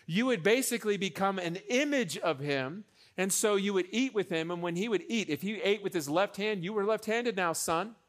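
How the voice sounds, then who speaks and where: A young adult man preaching a sermon as pastor, animated, with joking asides, repeating phrases for emphasis. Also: sits high, moderate pace.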